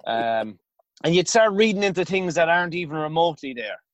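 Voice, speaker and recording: Irish former keeper, casual storyteller, slightly high and dry. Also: male voice, animated, brisk, a bit bright, no room sound, lo-fi sound. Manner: rambling anecdotal delivery with many restarts. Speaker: former hurling goalkeeper guest.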